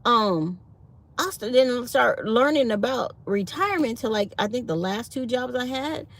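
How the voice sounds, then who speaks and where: Brief: woman, fifties, channel host, animated storyteller, high voice that swings widely. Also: a little slow. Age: 50s. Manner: animated storytelling with acted-out quotes. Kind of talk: casual chat to live viewers.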